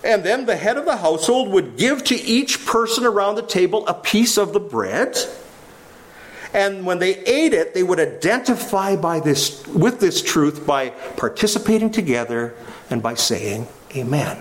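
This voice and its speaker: Delivering a sermon, this man teaches by asking the congregation questions that he goes on to answer. He speaks at a normal speed in a high-sitting, sing-song voice.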